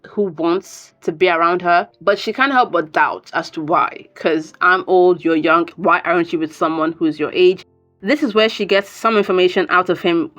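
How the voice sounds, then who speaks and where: A woman recording a casual spoken recap at home, chatty and animated, often breaking off with laughs and asides. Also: medium pitch, lo-fi sound. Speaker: video commentator.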